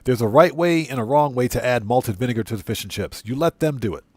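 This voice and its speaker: A man's voice: medium pitch, lively intonation, fast, a little mellow, no echo. A man livestreaming a video game, chatting casually with viewers and repeating himself for emphasis. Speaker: streamer.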